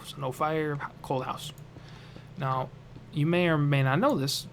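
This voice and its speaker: A man's voice: medium pitch, slight background noise. A young man casually telling a funny family story on a vlog, rambling and joking. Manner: rambling, lots of fillers and restarts, jokey.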